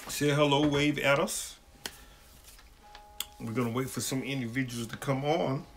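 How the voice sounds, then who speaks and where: A man's voice: mid-range voice, fairly even intonation, measured pace, a little hiss or hum. A man, a pastor hosting a livestream question-and-answer session and greeting viewers by name in a folksy way. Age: adult, married.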